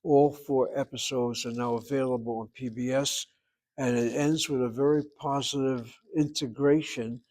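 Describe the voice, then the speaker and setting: Emphatic male Hebrew teacher lecturing. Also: medium pitch. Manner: emphatic, talks straight to students, slows down to stress words. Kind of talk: classroom lecture.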